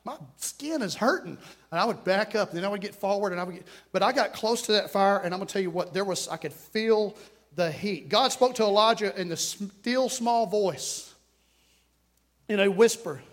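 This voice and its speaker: A man with a high-pitched voice preaching a lively sermon in a church. He swings from shouted exhortation to quiet, hushed asides. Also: moderate pace. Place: church sanctuary.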